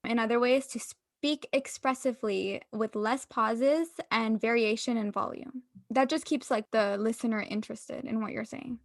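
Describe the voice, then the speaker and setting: A young woman co-hosts a chatty podcast, talking in an upbeat, explanatory way with an easy laugh. Her voice sits fairly high, and the recording is close and dry. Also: fairly even intonation, moderate pace, hardly any pauses, no room sound. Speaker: podcast co-host. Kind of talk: casual chat.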